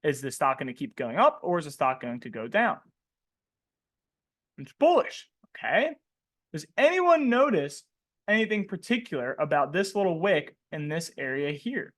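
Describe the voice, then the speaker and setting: A man coaching traders in a live webinar, asking the audience questions and tacking "right?" onto nearly every line, with a slangy, joking manner. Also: fairly high pitch. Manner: animated, asks questions and tags "right?" constantly. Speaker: trading coach.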